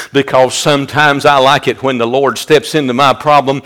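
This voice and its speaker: A man pastor preaching a sermon, rising loud and high when he quotes a rebuke. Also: steady tone, moderate pace, hardly any pauses.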